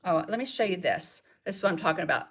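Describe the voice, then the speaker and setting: A woman's voice: lowish voice, lively intonation, fast talker, slightly rough. Chatty woman demonstrating crafts. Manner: chatty, explains while working, answers viewer questions. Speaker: craft instructor. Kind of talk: casual live craft demonstration.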